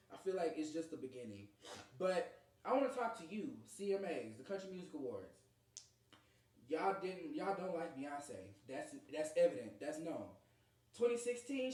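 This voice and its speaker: A podcast host chatting casually, making emphatic, animated points. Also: mid-range voice. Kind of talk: casual chat. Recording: roomy echo.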